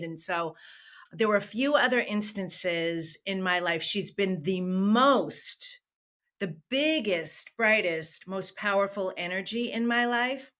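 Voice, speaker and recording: A woman's voice: fairly low pitch, normal speed, fairly bright tone. A woman who works as a reinvention coach, a guest on a podcast telling her story in an earnest, emphatic way. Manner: earnest and emphatic, with shifting pace. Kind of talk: personal storytelling interview.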